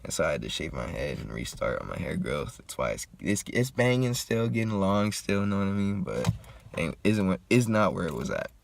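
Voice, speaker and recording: A young man telling a story in a laid-back, slangy, profane way while getting high and smoking. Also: very animated, brisk, gravelly. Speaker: vlogger. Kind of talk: casual storytime.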